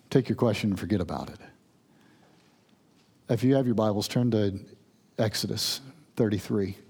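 A man's voice: mid-range voice, a little mellow. A man preaching a sermon, earnestly explaining and reading scripture verses with emphasis. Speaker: pastor.

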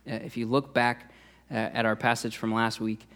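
A man's voice: medium pitch, flat delivery, moderate pace, fairly bright tone. Conversational male youth pastor preaching. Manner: conversational, many "uh" fillers and restarts. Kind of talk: sermon.

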